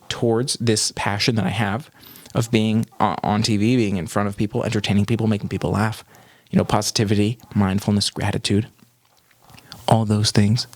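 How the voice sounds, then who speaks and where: A young man talks casually to his viewers in a rambling, upbeat way and sometimes loses his thread. His voice sits a bit low. The sound is dry, with almost no room echo. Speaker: vlogger. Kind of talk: casual chat to camera.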